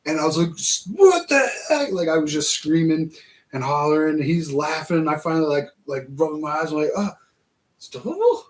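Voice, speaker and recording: A man's voice: on the high side, level tone, fast, poor audio. A man hosting a casual build-along vlog, chatting to himself and laughing through his stories. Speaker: vlog host building a model kit.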